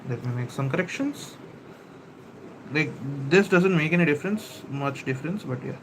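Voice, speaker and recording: A man hosting a live stream, chatting with viewers, reading their comments aloud and explaining a software model, often saying "bro" and "kindly" and correcting himself as he goes. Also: fairly high pitch, animated, moderate pace, slight background noise. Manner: self-correcting, hesitant restarts. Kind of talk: casual live-stream teaching.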